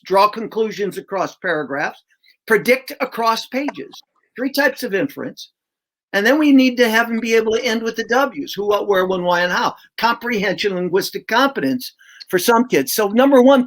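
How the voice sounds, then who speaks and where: A man's voice: high-pitched, animated, moderate pace, fairly bright tone. An older man, a reading coach, explaining his teaching method in an emphatic, conversational way, sounding out syllables aloud as he goes.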